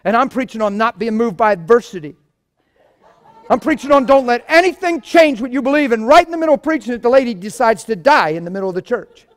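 A man preaching a sermon and telling stories, swinging from low murmurs to loud shouts. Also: animated, fast. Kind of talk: sermon with testimonies.

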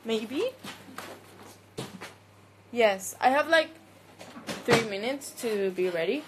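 Young Mexican-accented woman, high voice, slow unhurried delivery, giggly livestream chat on a phone. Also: expressive, background noise. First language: Spanish. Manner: giggly, laughs often. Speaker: livestreamer answering fans. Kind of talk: casual chat reading comments.

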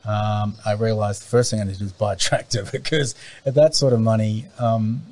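A farm owner appears as an interview guest, speaking a little fast in a steady, fairly low voice with a slightly mellow quality. He talks casually and rambles, with lots of fillers and restarts. His remote call mic keeps cutting in and out.

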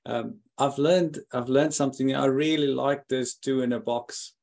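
A man hosting a podcast interview, speaking haltingly with many fillers and short affirmations. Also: mid-range voice, fairly even intonation, gravelly, darkish tone. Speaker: podcast host. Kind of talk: casual interview wrap-up.

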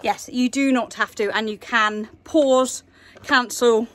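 High-voiced chatty woman. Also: steady tone, takes it slowly, fairly bright tone. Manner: chatty, laughs often, talks to her animals. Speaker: equestrian vlogger. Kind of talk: casual vlog chat.

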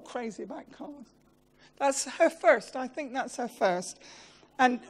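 A woman giving a funeral eulogy. She tells lively, self-mocking stories and laughs as she talks. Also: a little high.

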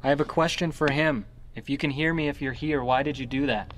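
An investigator speaks into a dark building, asking spirits plain, direct questions. His voice sits at an ordinary middle pitch and stays earnest throughout. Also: steady tone, fairly quick, a little hiss or hum. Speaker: paranormal investigator. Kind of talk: questioning spirits during a ghost hunt.

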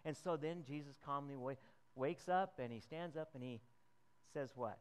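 A man's voice: a little high, brisk, clear, resonant tone. A man preaching a conversational sermon, asking the congregation questions and chuckling as he retells the story.

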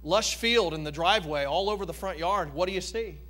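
A man preaching plays an older father, a seasoned tradesman who speaks calmly and gently scolds his son. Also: high voice, brisk. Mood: knowing. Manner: calm, knowing, gently reproving. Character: wise old male business founder, fatherly.

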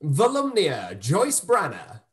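An upbeat man hosts the wrap-up of a live online show. He sounds effusive and his voice sits high and moves around a great deal. He is heard over a video call. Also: wildly swooping pitch, slow. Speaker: host and director.

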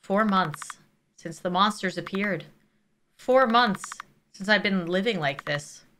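A woman voicing a lonely young girl who talks herself quietly and uneasily through daily chores, reading game dialogue aloud. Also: mid-range voice, lively intonation, slow, slight background noise, pitched below the performer's own voice. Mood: somber. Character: lonely young girl caring for monsters alone.

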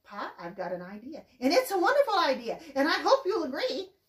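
A woman voicing an excited, hopeful mother rat who gushes in a high voice. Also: normal speed, reverberant, far from the mic.

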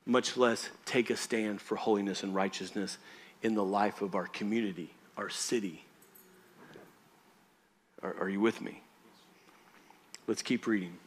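A man's voice: fairly low pitch, steady tone, measured pace, pauses often, slightly rough. A man preaching a church sermon, talking to the congregation in a conversational, emphatic way and often checking that they follow. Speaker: pastor.

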